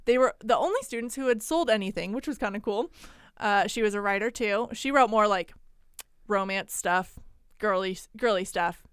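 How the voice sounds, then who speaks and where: A woman's voice: mid-range voice, normal speed, smooth, dry recording, clean studio sound. A woman co-hosting a podcast, telling a story in a chatty, jokey way with frequent giggles. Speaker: podcast co-host. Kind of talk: casual storytelling chat.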